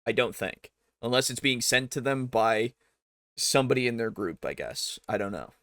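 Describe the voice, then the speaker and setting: Animated man arguing with a video. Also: mid-range voice, moderate pace, no room sound. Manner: animated and argumentative, talks back at the video, laughs often. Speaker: streamer reacting to videos. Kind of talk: casual reaction commentary.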